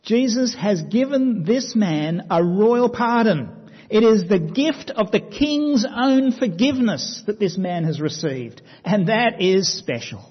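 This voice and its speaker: A man preaching a sermon, telling the story dramatically and dropping to quiet emphasis. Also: high-pitched, expressive, slow pace, husky. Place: church hall. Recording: dull sound with long hall reverb.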